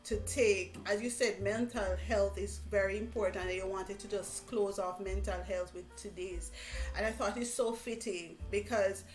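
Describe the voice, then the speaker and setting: A middle-aged Jamaican woman hosting a motivational live stream, talking in an animated way, repeating phrases and laughing often. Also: mid-range voice, moderate pace. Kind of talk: casual interview chat. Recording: echoey room with faint music.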